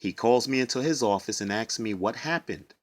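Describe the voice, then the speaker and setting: Man, bus driver, personal storytelling, emotional, halting, repeats himself, middle pitch. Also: lively intonation.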